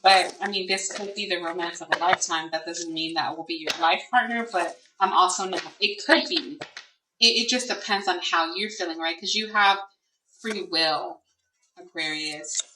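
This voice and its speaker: A woman's voice: lowish voice, moderate pace. A woman giving a casual card reading, musing and hesitant, speaking aloud to Spirit with many fillers. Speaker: tarot and oracle card reader. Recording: echoey room, distant mic, faint noise.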